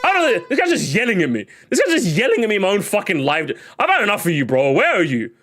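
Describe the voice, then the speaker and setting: A man streaming live, ranting in a casual, excitable way and swearing often. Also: high voice, quick pace. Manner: animated, excitable, swears a lot, repeats himself.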